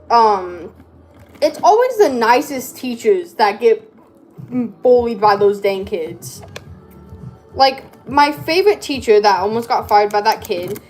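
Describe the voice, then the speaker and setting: A woman with a slightly high voice chats slowly and loosely while crafting. She has a speech impediment that makes her R's hard to say. Faint music plays behind her rambling, self-interrupting talk. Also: a little mellow. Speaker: vlogger. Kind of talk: casual chat while crafting.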